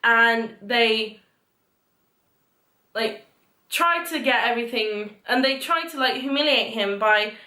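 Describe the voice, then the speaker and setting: High, bright-voiced young woman gushing. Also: slow, pauses often. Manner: gushing, rambling recap full of "like". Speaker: book vlogger. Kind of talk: casual book talk. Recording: echoey room.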